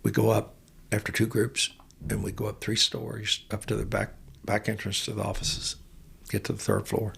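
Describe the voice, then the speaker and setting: Gravelly older man telling coaching stories. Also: on the low side, moderate pace, slight background noise. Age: 60s. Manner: animated, gets amped up telling stories. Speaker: basketball coach, podcast guest. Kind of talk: storytelling in an interview.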